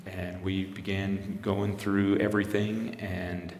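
A man's voice: sits low, flat delivery, slow pace, a little mellow, roomy sound, long reverb tail, slight background noise. A man in his forties telling a personal story in an interview, earnest, often restarting his sentences. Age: 40s. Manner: earnest, retelling with quoted dialogue, frequent restarts. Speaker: interviewee, missionary pastor.

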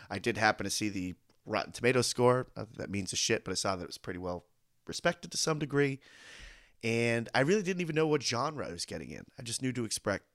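A man's voice: medium pitch, animated, quick pace, a bit bright, no room sound, studio quality. A man co-hosting a movie podcast, telling a story in a chatty, casual way. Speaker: podcast co-host.

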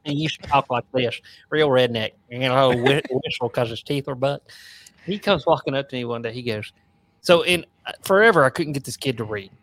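A man guesting on a casual podcast, telling stories in an excitable, animated way. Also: mid-range voice, a little fast, dry recording. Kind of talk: casual chat.

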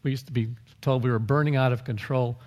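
A man's voice: mid-range voice, steady tone, fast talker, darkish tone, in a large hall. A man pastor preaching a sermon, talking in a conversational way with asides and small chuckles.

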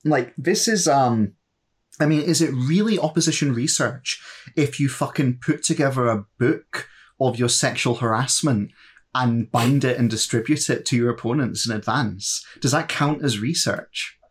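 A man's voice: medium pitch, moderate pace, slightly rough. A man, co-hosting a casual, sweary political chat and ranting sardonically.

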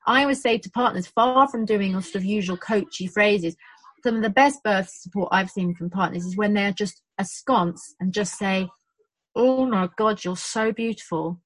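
A woman's voice: mid-range voice, normal speed, husky, no echo, rough recording. A woman with a British accent who works in birth support, chatting casually and acting out quotes as she tells stories. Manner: animated storytelling with acted-out quotes. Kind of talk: casual chat.

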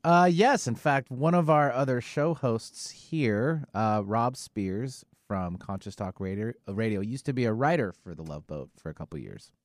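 A man's voice: mid-range voice, animated, normal speed, few pauses, no echo. Easygoing male radio producer. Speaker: show producer. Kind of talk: casual studio banter.

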